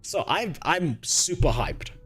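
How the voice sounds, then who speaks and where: Husky, crude South African streamer man. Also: fairly high pitch, lively intonation, slow, a bit bright, faint music behind. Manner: crude, sarcastic, laughs often. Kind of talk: casual livestream chat, reading chat.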